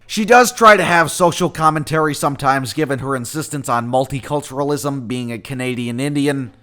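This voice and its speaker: A man's voice: medium pitch, sharp tone. A man giving a profane, scornful review rant. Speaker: video reviewer. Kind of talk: ranting commentary.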